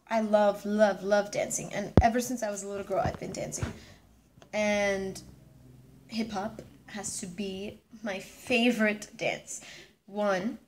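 A woman's voice: medium pitch, a little hiss or hum. A nineteen-year-old woman chatting casually in a vlog, bubbly and rambling, often restarting her sentences. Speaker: vlogger.

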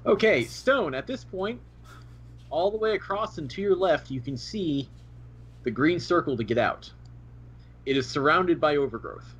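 Game master with a sore throat. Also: male voice, fairly high pitch, expressive, slightly rough. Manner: descriptive, playful, measured narration. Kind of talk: narrating a tabletop game. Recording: dull lo-fi mic.

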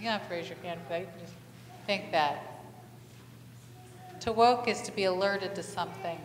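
In an echoey church sanctuary with faint ambience and slight background noise, a woman pastor with a fairly low-pitched voice gives a conversational sermon. She asks the congregation many questions and tells stories with animation.

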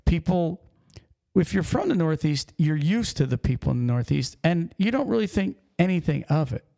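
Pennsylvania trucker host, gravelly and mellow, lively story-driven podcast chat. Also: male voice, a little high, normal speed. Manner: animated storytelling, acts out accents.

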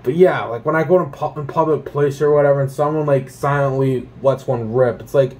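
Talking a little fast with few pauses, this young vlogger from Canada has a mid-range voice. He rants casually about what he hates, cursing often and peppering his animated, profane speech with "like" and "um."

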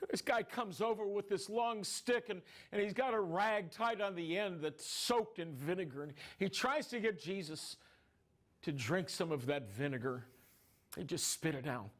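A man's voice: high voice, moderate pace. A man playing a grieving younger brother who tells, in a first-person dramatic monologue, how he watched his brother suffer, his telling rising into anguished cries. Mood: grief-stricken. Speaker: dramatic storyteller.

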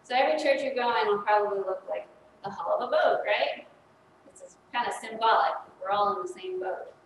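A woman's voice: mid-range voice, animated, a little fast, slight background noise. A woman in her thirties, a priest giving a children's sermon in a chatty way, asking the congregation questions. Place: church sanctuary. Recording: echoey church from far off.

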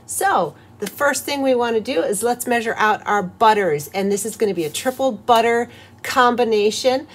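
A woman's voice: fairly high pitch, normal speed, a little hiss or hum. A middle-aged woman hosting a home craft tutorial, chatty and cheerful, talking through each step as she works. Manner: cheerful and chatty, with soft laughs. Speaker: host of a soap-making channel.

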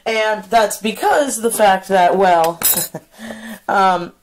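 A woman vlogging in casual chat, rambling and swearing freely, speaking in a soft hushed voice outdoors at night while walking a dog. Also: medium pitch, takes it slowly, a little hiss or hum.

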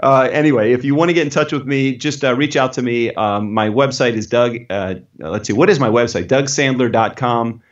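A man's voice: mid-range voice, a little fast, few pauses, echoey room, muffled recording. A man being interviewed as a guest, talking in an upbeat, blunt way and swearing casually. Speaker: guest speaker.

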